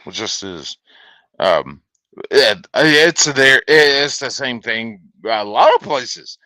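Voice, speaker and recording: A man casually reacting to a video with a co-host, profane and slow, laughing often. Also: mid-range voice, very animated, pushed and bright, no echo.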